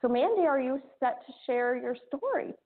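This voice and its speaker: A woman hosting a call-in radio show, gently leading her guest in. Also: high voice, lively intonation, moderate pace. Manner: encouraging, leads the guest in. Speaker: radio host. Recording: tinny phone line.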